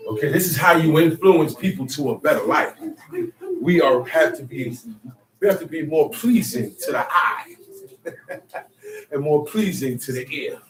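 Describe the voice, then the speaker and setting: A man leading a bible study, emphatic and animated, acting out quotes and sometimes shouting. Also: fairly high pitch, a little slow, long pauses. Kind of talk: animated spoken teaching. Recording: echoey room, mic far off, faint noise.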